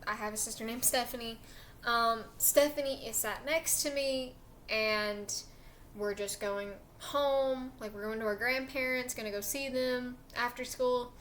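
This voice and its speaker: A woman's voice: on the high side, bright, forceful tone, slight background noise. A young woman casually telling a personal story in a chatty, emotional way with lots of fillers.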